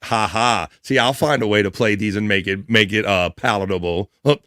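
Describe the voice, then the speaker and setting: A man's voice: lowish voice, moderate pace, fairly bright tone, dry recording, studio quality. A man hosting a casual livestream, reading viewer comments aloud with crude, jokey banter and frequent laughs. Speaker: livestream host.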